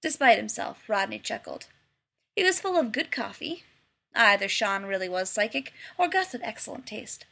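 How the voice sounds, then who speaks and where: A woman reading a story aloud in a lively, expressive narration. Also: medium pitch, moderate pace, creaky. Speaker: reader.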